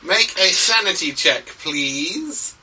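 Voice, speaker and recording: A man's voice: high voice, expressive, slow pace, sharp tone, far from the mic, low-quality recording. A man acting as game master, narrating a tabletop horror game in a casual way, with lots of fillers.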